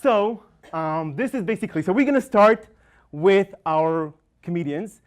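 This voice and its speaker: A man hosts a comedy show, warming up the audience and introducing the acts. He talks in a halting, casual way, and his voice is a little higher than most men's. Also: animated. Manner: halting, casual, with fillers and restarts. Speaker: show host and warm-up emcee. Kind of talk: stand-up warm-up and introductions. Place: comedy show stage before a live audience.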